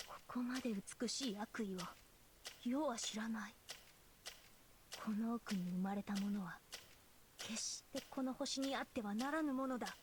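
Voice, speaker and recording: A woman's voice: on the high side, brisk, long pauses, noisy background, close to an everyday voice. A woman voicing a regal young female sword-wielding servant in a game, speaking in imperious, archaic royal tones. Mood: grave, wary. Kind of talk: game voice acting.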